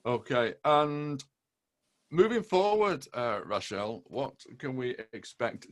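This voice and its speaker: A man hosts an online interview over a video call, with a mid-pitched voice. He asks his questions briskly and tends to repeat his words while he phrases them. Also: big pitch swings.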